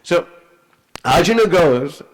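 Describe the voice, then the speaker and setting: A man preacher telling a scripture story in an animated, conversational way, full of "you know.". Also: on the high side, slow, rough recording. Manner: animated, conversational, many fillers.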